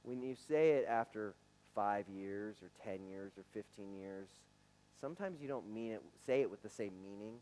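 This forties-aged pastor speaks at a normal speed with a somewhat low, dark-toned voice, and the audio is poor. He preaches earnestly and conversationally to his church in the sanctuary, with the odd stammered restart.

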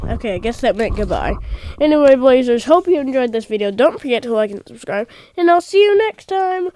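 A woman hosting a gameplay video, chatting excitedly with rambling asides into a desk microphone. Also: sits high, fairly quick. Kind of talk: casual gameplay commentary.

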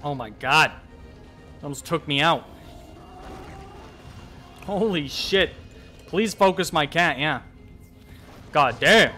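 A young man giving casual let's-play commentary, swearing and talking back to the monster, with sudden yells. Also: fairly high pitch, lively intonation, slow, long pauses, faint music behind. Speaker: gameplay commentator.

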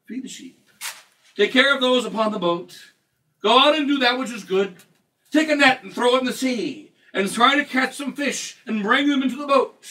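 A man's voice: extremely high pitch, bright, forceful tone, recorded from a distance, low-quality recording. A man preaching a sermon as a bishop, emphatic and repetitive, quoting scripture along the way. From United States.

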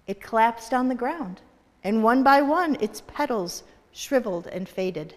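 Woman minister, storytelling, slow and expressive, reverberant hall. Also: a little high. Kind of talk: storytelling in a worship service. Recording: echoey hall.

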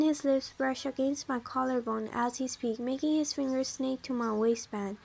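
A high-voiced woman narrates a first-person romance story. Her reading is smooth and even, with a synthetic, steady flow. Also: moderate pace, hardly any pauses, poor audio.

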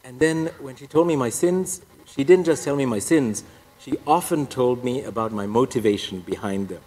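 A man's voice: mid-range voice, normal speed, darkish tone. A priest giving a personal testimony talk, telling his story with wry, self-deprecating humor. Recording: echoey hall reverb.

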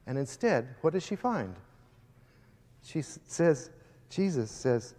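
Man, slightly higher voice, fiery storytelling speaker; long reverb of a big hall. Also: sing-song, takes it slowly, long pauses, mellow, a little hiss or hum. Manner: emphatic, storytelling, addresses the audience directly. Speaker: guest speaker addressing students. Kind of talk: impassioned preaching-style speech.

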